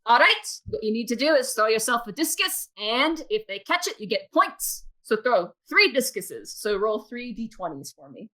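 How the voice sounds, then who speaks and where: A woman's voice: fairly high pitch, very animated, bright, forceful tone. A young woman narrating a tabletop game as game master, laughing often as she goes. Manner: giggly, quick to laugh while narrating.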